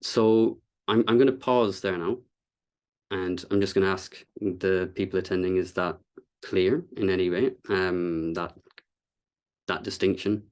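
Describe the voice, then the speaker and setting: Low-voiced man explaining design casually. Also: steady tone, measured pace. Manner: explanatory, casual, many fillers and restarts. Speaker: content designer giving a talk. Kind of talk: presentation to a meetup audience.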